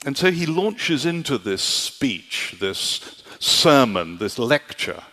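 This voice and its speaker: A man of medium pitch preaches with emphatic conviction, stressing his key points and turning to the congregation to ask whether they follow. His voice rings out with a long reverb, as if filling a large hall or church. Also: very animated, takes it slowly, sharp tone. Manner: emphatic, often asks "do you see?". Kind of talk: sermon.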